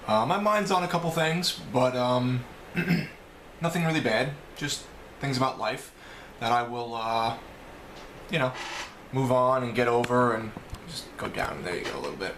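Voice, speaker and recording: A video blogger with a New York accent answers a list of questions in a casual, chatty, rambling vlog from a home room, often correcting himself. His mid-range voice has a fairly bright tone, the sound is roomy with a little hiss or hum, and the audio quality is poor.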